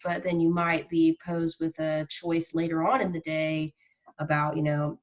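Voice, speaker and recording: A woman teaching a mindfulness lesson in a relaxed, conversational way, acting out everyday reactions as examples. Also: sits low, normal speed. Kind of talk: recorded classroom lesson.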